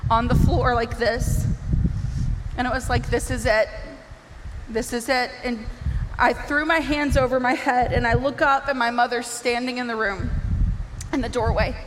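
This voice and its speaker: Woman telling an emotional testimony, high voice, long hall reverb, faint room noise. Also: fairly even intonation, moderate pace. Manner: impassioned, rising to near shouts and tearful pleading. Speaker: speaker giving a testimony.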